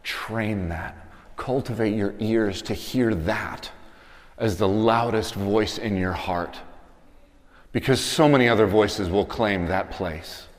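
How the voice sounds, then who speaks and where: A man in his thirties preaching a sermon, telling stories and building to emphatic appeals. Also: fairly low pitch. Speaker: pastor. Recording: long reverb of a church hall.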